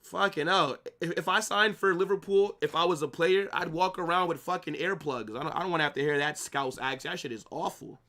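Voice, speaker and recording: A man's voice: a little high, brisk, hardly any pauses, sharp tone. Brash, trash-talking young man streamer. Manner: brash, trash-talking, swears a lot, calls chat "bro" and "brother". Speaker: watch-along streamer. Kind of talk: live match watch-along, arguing with chat.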